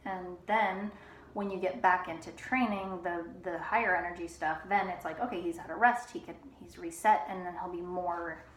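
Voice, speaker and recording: A woman dog trainer explaining calm training in a relaxed, soft-spoken way, sometimes dropping to a whisper. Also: on the low side, moderate pace. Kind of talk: casual instructional talk while training a dog. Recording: echoey room with faint ambient noise.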